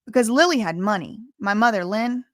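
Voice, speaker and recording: A woman's voice: medium pitch, lively intonation, fairly quick, dry recording. Woman commentator, reads passages aloud then drifts into chatty asides; dry, close recording. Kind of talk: reading a memoir aloud with casual commentary.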